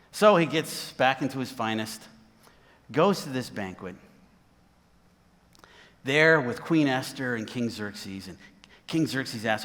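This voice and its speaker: A man's voice: medium pitch, lively intonation, measured pace, pauses often, a bit bright, big-room sound. A man preaching a sermon, retelling a Bible story with voices for its characters.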